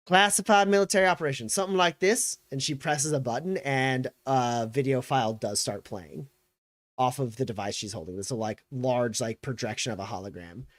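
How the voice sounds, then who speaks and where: A man narrating a tabletop game as game master, in a loose, halting way with many fillers. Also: mid-range voice, dry recording.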